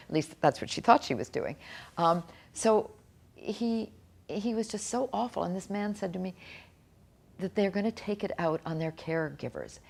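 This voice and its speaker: Earnest woman with a low gravelly voice. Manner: earnest, halting, with frequent restarts. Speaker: author interviewee. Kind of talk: personal account in an interview.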